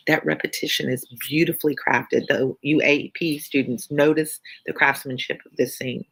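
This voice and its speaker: A woman's voice: sits low, fairly even intonation, moderate pace, vocal fry, hardly any pauses, fairly bright tone, husky, low-quality recording. A woman teacher reading a classic novel aloud and breaking in with earnest, informal comments. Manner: earnest, informal asides between passages. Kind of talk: read-aloud lesson with commentary.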